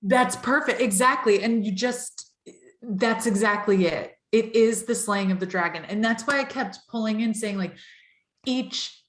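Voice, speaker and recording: A woman's voice: on the high side, a little slow. Earnest woman tarot reader in echoey room. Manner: flowing, earnest, builds long reflective sentences. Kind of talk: spiritual podcast conversation.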